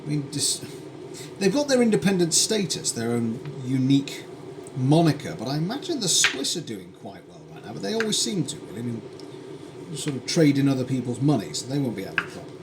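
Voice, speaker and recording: A man's voice: medium pitch, sing-song, fairly quick, background noise. A British man chatting wryly while he cooks on a live stream, wandering into tangents and dry asides. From United Kingdom. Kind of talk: casual cooking stream chat. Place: home kitchen.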